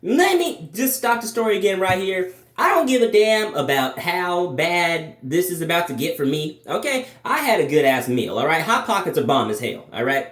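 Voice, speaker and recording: A young man telling a storytime vlog, swearing, restarting sentences, animated. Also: high-pitched, normal speed, few pauses, echoey room. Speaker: vlogger.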